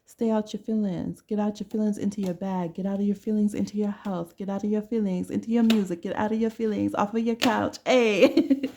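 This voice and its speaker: A woman's voice: mid-range voice, fairly even intonation, quick pace, gravelly, few pauses, mellow, slight background noise. A woman giving a casual tarot reading to camera with a blunt, playful way of talking. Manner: blunt, playful, laughs often. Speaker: tarot reader.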